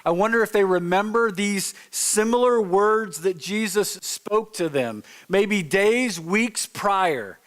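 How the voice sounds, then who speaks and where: A man's voice: sits high, expressive, slow pace, hardly any pauses, a bit bright. A male pastor preaching a conversational sermon in a church, telling a story informally and acting out the quotes. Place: church sanctuary.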